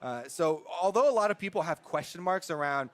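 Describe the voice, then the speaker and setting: A man analysing a live esports match in a measured, thoughtful way with frequent hesitations. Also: fairly high pitch, lively intonation, fairly bright tone.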